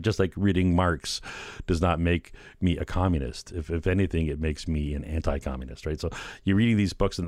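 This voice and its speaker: A man's voice: low voice, a little mellow, dry recording, clean studio sound. A middle-aged man giving a casual, rambling commentary on a book, wry and full of fillers, often tagging "right?" and chuckling. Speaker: solo commentator.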